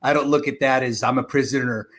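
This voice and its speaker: A man's voice: medium pitch, steady tone, fairly bright tone. Gracious middle-aged man as guest. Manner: measured, gracious, laughs often. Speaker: guest, real estate company president. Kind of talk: casual interview chat.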